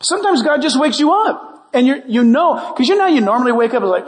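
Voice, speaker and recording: A man preaching a sermon in a high, lively voice that leaps up and down as he acts out prayers and bits of dialogue. His playful delivery rings out with a long reverb from a big hall. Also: fast talker. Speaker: pastor.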